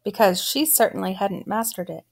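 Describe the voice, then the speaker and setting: Woman narrator, children's novel read aloud, gravelly, steady. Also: mid-range voice, moderate pace. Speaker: audiobook narrator.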